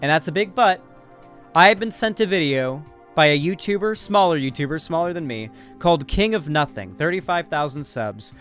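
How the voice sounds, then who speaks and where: A man's voice: a little high, fairly bright tone. Sarcastic man ranting commentary. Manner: sarcastic, rambling, swears. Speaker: political commentary streamer. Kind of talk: casual commentary.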